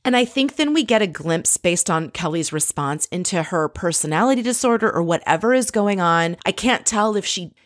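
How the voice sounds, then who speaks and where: A woman's voice: on the low side, expressive, moderate pace, few pauses, dry recording, clean studio sound. A woman giving casual commentary on a reality show, blunt and sarcastic. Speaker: reality TV recapper.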